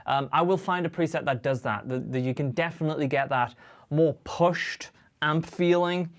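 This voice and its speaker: A man's voice: on the high side, moderate pace. A young man hosting a guitar livestream, chatting casually and cheerfully with viewers and reading out their comments. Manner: chatty and upbeat, greets viewers and reads chat aloud. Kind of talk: casual live-stream chat.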